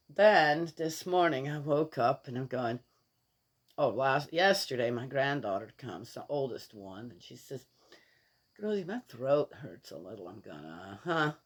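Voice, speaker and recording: An older grandmother talking in a casual, rambling monologue, opinionated and exasperated, with restarts and laughs as she tells stories. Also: rumbling low. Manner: chatty, opinionated, exasperated storytelling.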